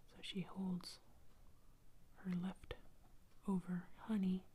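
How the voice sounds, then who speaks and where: A woman telling an improvised bedtime story as whispered role-play, slow and soft. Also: fairly low pitch, steady tone. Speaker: ASMR storyteller.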